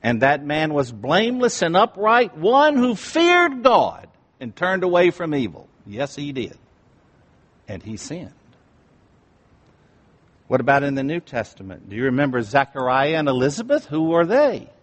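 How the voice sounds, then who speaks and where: A male pastor preaching a sermon, swinging from hushed asides to emphatic, rising appeals. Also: a little high, very animated, measured pace. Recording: reverberant hall.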